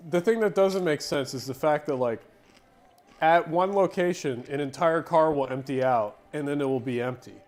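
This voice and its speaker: A man's voice: a little high, normal speed, darkish tone. A man in casual podcast chat who talks loosely, full of fillers and the odd swear word, while reading out viewer questions.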